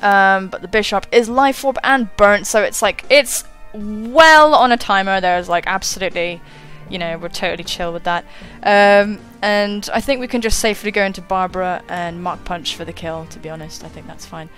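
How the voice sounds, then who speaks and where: Woman streamer in her twenties, casual and chatty, average pitch, faint background music. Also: normal speed, few pauses, fairly bright tone. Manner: chatty, self-mocking, swears and laughs often. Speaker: gaming YouTuber. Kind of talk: casual battle commentary.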